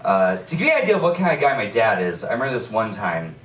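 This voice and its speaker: A man's voice: fairly low pitch, very animated, fast, a little hiss or hum. A young man doing a live stand-up set in a small comedy venue, laughing through pain and yelping. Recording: echoey room, far from mic, loud crowd. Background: audience laughter.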